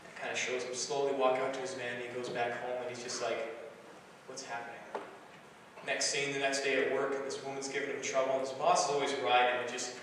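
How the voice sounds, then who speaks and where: A man's voice: medium pitch, monotone, quick pace, hardly any pauses. Man preaching in an echoey hall. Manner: conversational storytelling with filler phrases. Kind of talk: sermon retelling a film story. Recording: echoey hall recording from far off, faint hiss.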